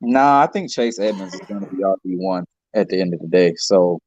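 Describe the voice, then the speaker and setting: A man's voice: deep voice, animated, a little fast, a little mellow, no room sound, lo-fi sound. A man co-hosting a sports podcast, blunt and opinionated in casual chat. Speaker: podcast co-host.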